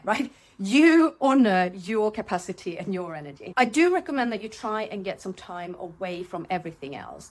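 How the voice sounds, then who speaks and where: A middle-aged woman hosting a reflective solo podcast, candid and animated, talking from her home. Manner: candid and animated, voice jumps high when acting out her own thoughts. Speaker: podcast host. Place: seated at home.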